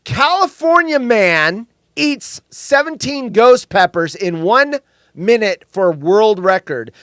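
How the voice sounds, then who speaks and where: This is a man co-hosting a casual chat show, joking with his partner and the audience. His voice sits high and swings widely. The sound is dry and close. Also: takes it slowly, no room sound. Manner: animated, jokey, belts out song lines. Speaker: co-host. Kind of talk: casual podcast banter.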